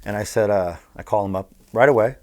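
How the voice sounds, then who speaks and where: A man's voice: fairly low pitch, a little fast. A middle-aged man from Southern California telling blunt, profane stories as an interview guest. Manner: blunt, profane, animated storyteller. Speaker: interview guest, former bookmaker. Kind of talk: casual storytelling.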